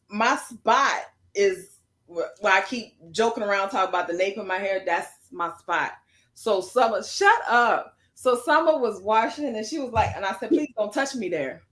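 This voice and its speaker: A woman co-host in a casual talk show, her voice pitched a little high. She tells stories in an animated, playful way. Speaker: podcast co-host. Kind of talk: casual chat.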